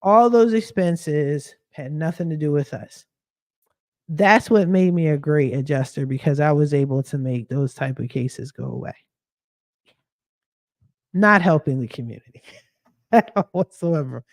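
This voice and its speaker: A woman's voice: low-pitched, measured pace, pauses often, dry recording, clean studio sound. Slangy woman telling a story. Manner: animated, slangy, swears freely. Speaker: podcast host. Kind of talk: casual storytelling.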